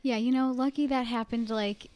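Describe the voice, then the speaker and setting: A woman's voice: a little high, fairly even intonation, moderate pace, a little mellow, a little hiss or hum. A young woman co-hosting a podcast, chatting casually and reacting supportively to her friend's story. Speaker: podcast co-host. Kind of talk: casual chat.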